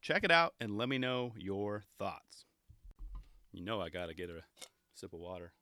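Chatty bright-voiced man reviewing skate clips. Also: on the low side, moderate pace. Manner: chatty, excitable, laughs and restarts often. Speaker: skateboarding show host. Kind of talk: casual video review commentary.

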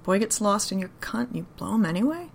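A woman voicing a gruff, guarded man who talks in terse, drawling phrases. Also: mid-range voice, animated, fast talker, slight background noise. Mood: teasing. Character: gruff rough-edged man, guarded and blunt.

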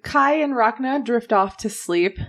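A woman narrating a tabletop game as game master, slow and easygoing, with small laughs. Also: on the high side, animated, a bit bright.

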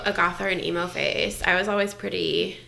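A woman co-hosting a casual chat, talking in a lively way that often trails off into soft asides. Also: fairly low pitch, a little fast, creaky.

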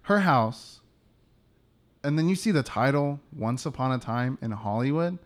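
A man's voice: medium pitch, expressive, unhurried. A man co-hosting a film podcast, casually and earnestly making his points, with some swearing. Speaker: podcast co-host.

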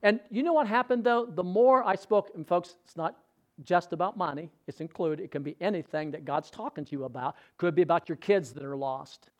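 High-voiced male preacher telling stories. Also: a little fast. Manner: conversational storytelling, quizzing the congregation. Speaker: pastor. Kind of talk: sermon.

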